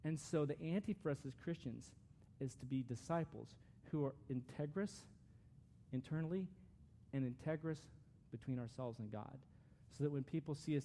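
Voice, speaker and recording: A man's voice: mid-range voice, dark tone, a little hiss or hum. A man giving a conversational, earnest sermon as a pastor, with frequent restarts.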